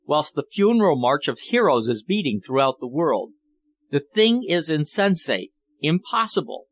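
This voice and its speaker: A man's voice: on the high side, very animated, normal speed. A man voicing a fervent foreign suitor. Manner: fervent, declamatory. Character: passionate foreign suitor, intense and scornful.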